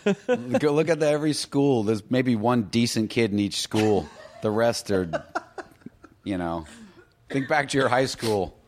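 A man's voice: medium pitch, sing-song, unhurried, a little hiss or hum. A middle-aged man in casual podcast chat, speaking bluntly and profanely and joking often. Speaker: guest musician and filmmaker.

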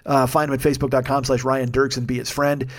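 A man's voice: medium pitch, flat delivery, quick pace. Profane, ranting podcast man. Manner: rambling, self-deprecating. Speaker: podcast host. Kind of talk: solo comedy podcast rant.

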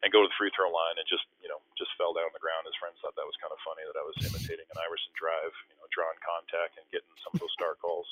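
A man from Canada, a former basketball teammate, recalling stories in an easygoing, halting way. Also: deep voice, flat delivery, slightly rough. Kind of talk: casual anecdotal storytelling. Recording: tinny phone-line audio, dry.

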